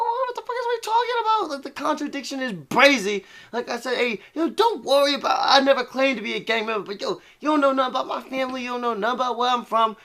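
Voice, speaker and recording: Man, high pitch, profane, mocking, rambling rant commentary. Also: pushed and bright.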